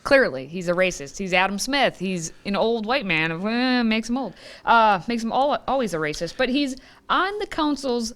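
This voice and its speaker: A woman co-host with a smooth, clear voice that swings widely in pitch. She is sarcastic and wry, explaining the news in a casual chatty way. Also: sing-song, normal speed, few pauses, a bit bright. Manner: wry, sarcastic, reads quotes aloud. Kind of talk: casual political commentary chat.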